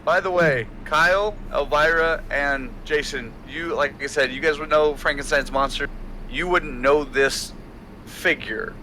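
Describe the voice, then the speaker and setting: A man's voice: a little high, a little slow, sharp tone, a little hiss or hum. A man narrating a tabletop role-playing game as game master, playful and often laughing.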